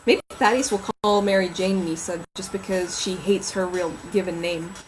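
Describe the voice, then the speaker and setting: A woman's voice: lowish voice, normal speed, slight background noise, rough recording. A woman novelist chatting on a casual livestream from home, rambling and reading names aloud as she thinks.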